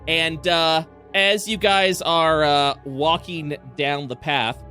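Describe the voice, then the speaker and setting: A man's voice: fairly high pitch, fairly even intonation, takes it slowly, pushed and bright, soft background music. A young adult man narrating a tabletop game as dungeon master, rambling with lots of fillers.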